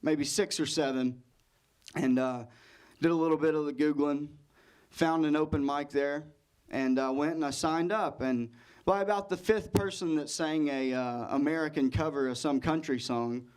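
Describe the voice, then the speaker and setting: A man's voice: fairly high pitch, steady tone, moderate pace, a little mellow, smooth. Laid-back male stand-up storyteller. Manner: laid-back storyteller, acts out others in quotes. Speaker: stand-up comedian. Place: comedy stage before a live audience.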